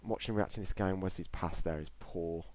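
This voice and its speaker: A man's voice: low-pitched, a little fast. An English man streaming live reactions to a football match, talking nonstop through the play and reading out chat messages, recorded in a small closed room at a desktop mic. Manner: excitable running commentary, reads live chat. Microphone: desktop mic in front of a screen.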